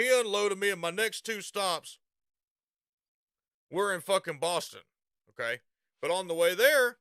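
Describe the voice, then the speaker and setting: A man's voice: high voice, fairly bright tone, smooth, no echo, studio quality. A man with a Southern US accent telling a rambling, profane story and laughing at himself. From Southern United States. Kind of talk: casual storytelling.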